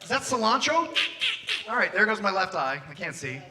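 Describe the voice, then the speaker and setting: A young man doing a stand-up comedy set, animated and acting out scenes in put-on voices on a club stage. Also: high-pitched, normal speed.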